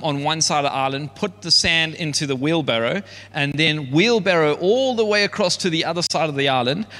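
A man's voice: a little high, pushed and bright. A man preaching a sermon in a conversational way that builds to emphatic peaks. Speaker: pastor. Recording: long reverb of a large hall.

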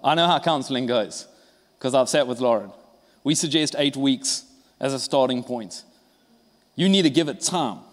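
A man's voice: mid-range voice, animated, moderate pace, long pauses, in a large hall. A male pastor preaching a sermon, emphatic and conversational, often acting out short dialogues.

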